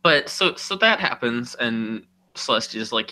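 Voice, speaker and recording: Bright-voiced rambling man on a podcast. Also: mid-range voice, expressive, a little slow, hardly any pauses. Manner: rambling, full of "you know" and "like", acts out characters' lines. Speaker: podcast co-host. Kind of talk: casual chat, retelling a story.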